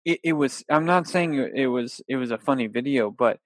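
A man chatting casually, retelling a story with animated, acted-out voices and frequent laughter. His voice sits at a medium pitch. The sound is dry and close. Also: fairly quick, dry recording. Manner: animated storyteller acting out quotes, laughing often. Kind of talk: casual chat.

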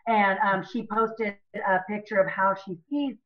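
A woman co-host in a casual chat who is enthusiastic and quick to react. Her voice sits at a middle pitch, and the recording is dull and lo-fi. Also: fairly even intonation.

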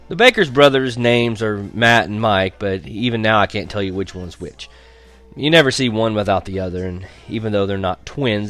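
Young man, lowish voice, wry storyteller, faint music underneath. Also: a bit bright. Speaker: audiobook narrator. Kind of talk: scripted first-person narration.

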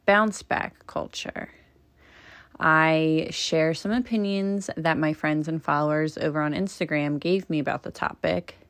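Slow-talking chatty podcast host woman. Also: low-pitched, a bit bright. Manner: chatty, opinionated, laughs often. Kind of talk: casual podcast monologue.

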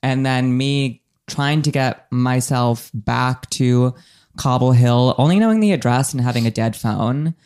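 A man's voice: medium pitch, measured pace, a little mellow, clear, resonant tone. A young adult man casually telling a rambling personal story on a podcast, full of fillers and self-deprecating humor. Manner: rambling, full of likes and ums, laughs at himself.

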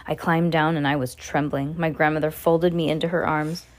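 A woman's voice: low-pitched, little pitch movement, normal speed, slight background noise. A woman reading a children's novel aloud, earnest, stumbling and restarting now and then. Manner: earnest, with small slips and restarts. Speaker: reader.

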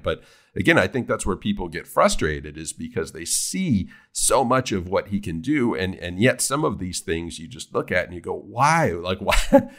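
A man's voice: sits low, a bit bright. A man co-hosting a casual sports talk show, rambling and restarting his sentences as he talks. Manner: rambling, many restarts and repeated words. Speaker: sports podcast co-host.

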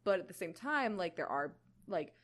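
A woman's voice: on the low side, very animated, moderate pace. A young woman from Georgia with a slight Southern drawl, chatting casually as a podcast co-host, rambling and swearing now and then. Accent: slight Southern drawl on "all" sounds. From Georgia, USA. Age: young adult. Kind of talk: casual chat.

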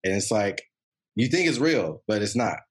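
A man's voice: fairly low pitch, expressive, moderate pace, husky. A man co-hosting a podcast, chatting casually and rambling with many fillers about a TV show. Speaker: podcast co-host.

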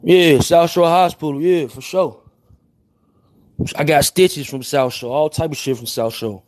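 A young Chicago man with a local accent hosts a livestream, talking casually to viewers in brash street slang and apologizing again and again. His voice is a little high and darkish in tone, with a measured pace.

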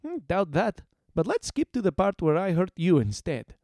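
A man's voice: high-pitched, sing-song, normal speed, warm tone, dry recording, studio quality, voice pushed up. A man voicing a bold, cheeky young woman hero in a read-aloud story, talking brash and playful.

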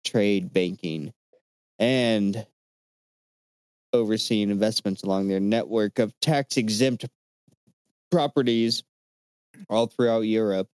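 A man with a low, smooth, resonant voice recorded dry and close. He co-hosts a casual podcast and retells history in a loose, profane way, full of fillers. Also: takes it slowly, pauses often, darkish tone, no echo. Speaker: podcast co-host presenting the research. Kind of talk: casual chat.

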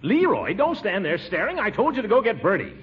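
An actor playing a pompous, excitable middle-aged official in 1940s radio comedy. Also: male voice, high voice. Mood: bossy. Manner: blustering, bombastic, quick to alarm. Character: pompous excitable middle-aged man, town water commissioner. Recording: muffled old radio broadcast with hiss.

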